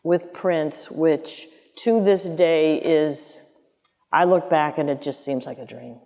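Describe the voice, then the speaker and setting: A woman in her sixties, formerly an album art director, tells stories in a conversational interview, animatedly acting out the voices of the people in them. Her voice sits low and her pace is slow. The recording has a long hall reverb.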